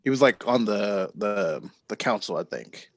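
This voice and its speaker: Male podcast host, casual storyteller, gravelly and dry. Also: lowish voice, lively intonation, no echo. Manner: rambling storyteller, quick to laugh.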